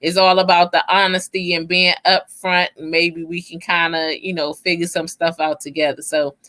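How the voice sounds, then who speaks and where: A woman's voice: on the low side, little pitch movement, normal speed, sharp tone. A woman hosting a casual live-stream chat, easygoing and chatty, laughing often. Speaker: show host.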